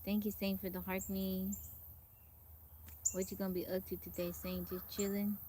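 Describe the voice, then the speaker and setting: Chatting from a forest during a casual live stream, this host calls out viewers by name and reads their comments. She has a warm, medium-pitched voice with a flat delivery and a moderate pace, and slight background noise can be heard.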